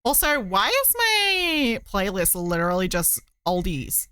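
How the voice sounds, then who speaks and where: A woman's voice: mid-range voice, huge pitch swings, measured pace, hardly any pauses, sharp tone, clean tone, no echo, studio quality. A woman streamer chatting casually while she crochets, rambling with many fillers.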